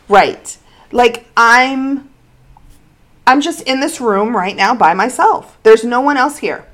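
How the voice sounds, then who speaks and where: A woman's voice: fairly high pitch, slow pace. A woman co-hosting a podcast, speaking candidly and personally about her own life in casual chat. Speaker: podcast co-host.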